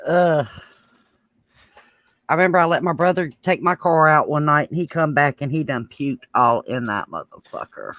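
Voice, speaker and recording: A man's voice: fairly high pitch, normal speed, fairly bright tone, no room sound. A man in casual chat, telling a blunt, profane story about his brother and the car.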